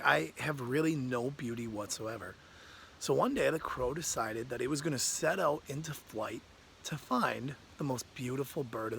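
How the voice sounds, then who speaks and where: A man's voice: medium pitch, vocal fry, fairly bright tone, a little hiss or hum. A man telling a fable in a casual, conversational way, ending with a moral. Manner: conversational, uses "like" often. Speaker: storyteller.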